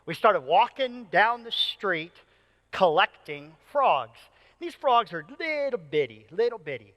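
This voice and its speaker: A man in his thirties preaching a sermon as a pastor, an animated storyteller who jokes with the congregation. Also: high voice, a little slow, big-room sound, dull audio. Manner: animated storyteller, playful and joking. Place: church auditorium.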